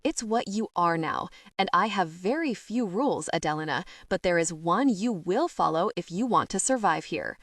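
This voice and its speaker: A woman's voice: lively intonation, normal speed, few pauses, no echo. Female narrator reading a cold smug mafia king, middle-aged man, purring threats, dry booth. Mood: commanding. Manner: menacing, low purring taunts. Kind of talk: audiobook character reading.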